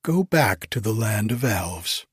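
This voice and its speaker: A man's voice: fairly low pitch, big pitch swings, slow pace, slightly rough, no echo, studio quality, heavily acted. A man whispering as a defiant giant maiden. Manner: defiant, hushed. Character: obstinate young giantess maiden.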